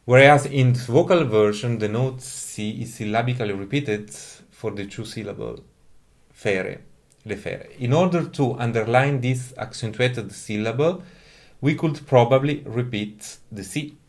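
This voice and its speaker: A man's voice: mid-range voice, normal speed. A man giving a careful, methodical lecture on music, explaining each point step by step.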